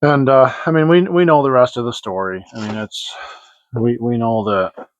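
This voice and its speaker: Showing off model kits in a casual vlog, a man speaks at a moderate pace in a medium pitch with fairly even intonation. He's rambling and hesitant, restarting and using fillers a lot, and the dry, slightly dull lo-fi recording carries a little hiss or hum.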